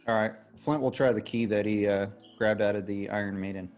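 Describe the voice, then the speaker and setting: A man playing a tabletop game, stating his character's actions in a relaxed, joking way. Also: lowish voice, fairly quick, soft background music. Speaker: player. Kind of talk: casual tabletop game play.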